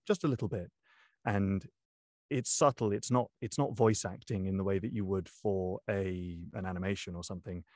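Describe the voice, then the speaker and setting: A young man, an audiobook narrator, talking through his craft in a casual interview, pausing often with ums and restarts. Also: lowish voice, a little mellow, dry recording, clean studio sound. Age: young adult. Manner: thoughtful, many ums and restarts. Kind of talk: interview guest, casual talk.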